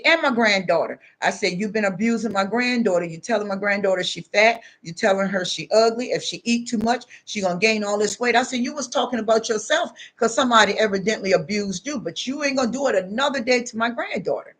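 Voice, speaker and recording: An older woman tells a story in a spiritual monologue, acting out the quoted voices with big pitch jumps. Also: fairly quick, few pauses, a bit bright. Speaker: spiritual speaker.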